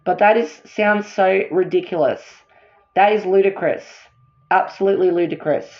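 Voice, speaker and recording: A woman ranting as a fan vlogger, worked up and repeating herself. She keeps apologizing for getting upset. Her voice sits at a middle pitch, and the recording sounds dull and lo-fi. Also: moderate pace. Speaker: fan vlogger ranking songs.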